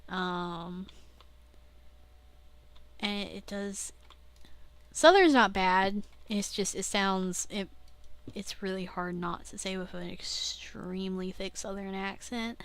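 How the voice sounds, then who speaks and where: Brief: young woman, slow unhurried talker, smooth clear voice, self-interrupting video-diary chatter. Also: mid-range voice. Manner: rambling, self-interrupting, laughs at herself, swears casually. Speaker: vlogger. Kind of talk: casual rambling video diary.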